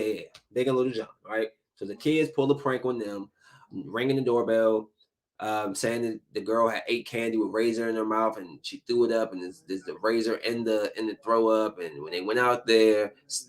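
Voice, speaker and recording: A man in his thirties hosting a podcast, giving a casual solo commentary in an animated, emphatic ranting style full of slang. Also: fairly low pitch. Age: 30s. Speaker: podcast host.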